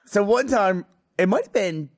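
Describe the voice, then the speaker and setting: A man's voice: sits high, lively intonation, normal speed, no room sound. Laughing man telling stories, dry sound. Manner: laughing, profane anecdote-telling. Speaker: podcast co-host. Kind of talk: casual chat.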